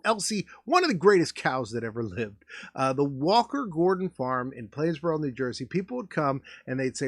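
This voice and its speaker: Lively, rambling male comedy host. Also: fairly high pitch, moderate pace, no room sound. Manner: rambling, lots of filler words.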